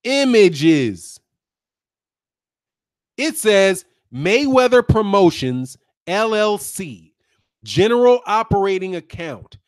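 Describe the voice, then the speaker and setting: A man hosting a boxing channel stream, chatty and animated, talking straight to his viewers and laughing often. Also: high-pitched, slow pace. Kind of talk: live-stream boxing commentary.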